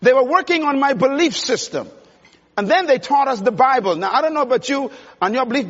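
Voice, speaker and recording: A man's voice: very high-pitched, lively intonation, a little fast, fairly bright tone, breathy edge. A man giving an emphatic, preacherly motivational speech at a conference, addressing the audience directly. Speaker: conference speaker. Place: large conference hall. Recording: dull sound with long hall reverb.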